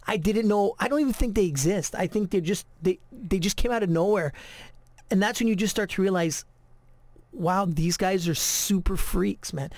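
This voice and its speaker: A high-pitched man tells animated stories in a casual podcast chat, often restarting his sentences. The sound is dry and close, with no room around him. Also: normal speed, no room sound. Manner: animated storyteller, many repeated starts. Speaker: podcast co-host.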